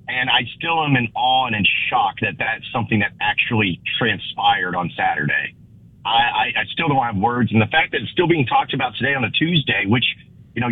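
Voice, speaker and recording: A hoarse man, recovering from losing his voice, calling into a sports talk show as a guest analyst, bluntly exasperated and stumbling into restarts. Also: mid-range voice, no room sound. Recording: tinny phone line.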